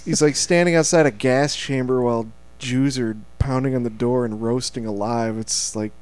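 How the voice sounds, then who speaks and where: Casual male podcaster, mid pitch, animated and swearing. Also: moderate pace, clean tone. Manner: animated, profane storyteller, laughs a lot. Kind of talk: casual chat.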